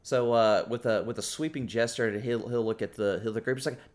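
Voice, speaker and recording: A man narrating as game master in a tabletop game, talking quickly with many fillers. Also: mid-range voice, steady tone. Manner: fast-talking, filler-heavy.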